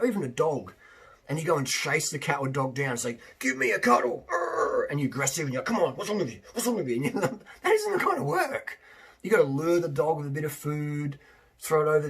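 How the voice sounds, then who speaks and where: A man's voice: mid-range voice, slightly rough. A man, a fitness coach, talking in a casual, rambling monologue, emphatic and prone to repeating himself.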